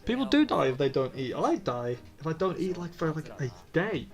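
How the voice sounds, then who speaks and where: A man's voice: fairly high pitch, sing-song, fairly quick. A man giving casual, rambling let's-play commentary into a close microphone, joking and often restarting his sentences. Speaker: gameplay commentator.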